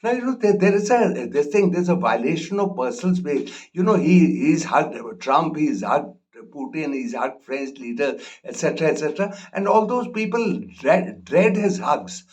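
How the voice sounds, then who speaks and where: A man giving casual spoken political commentary, halting with many fillers and restarts. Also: fairly high pitch, lively intonation, darkish tone.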